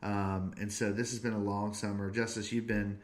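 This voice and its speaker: In a relaxed podcast chat, a thirtysomething male host plays for laughs and lets his anecdotes run long. He speaks with a lowish voice that barely moves in pitch.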